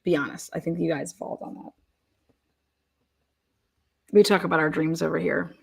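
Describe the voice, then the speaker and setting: A woman's voice: low-pitched, steady tone, normal speed, gravelly, breathy edge. Chatty woman hosting a livestream. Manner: chatty, giggly, talks to her viewers. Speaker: livestream host. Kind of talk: casual chat over a courtroom livestream.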